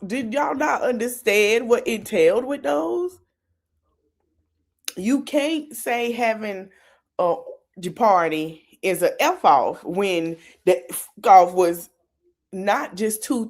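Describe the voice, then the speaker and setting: A woman hosting a podcast, talking in animated, casual gossip and hedging her claims. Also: mid-range voice. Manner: animated, repeatedly hedging with "allegedly". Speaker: podcast host.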